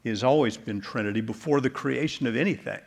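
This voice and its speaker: A man preaching a sermon as pastor, measured and deliberate, slowing down to stress key words. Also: medium pitch, vocal fry, slightly rough.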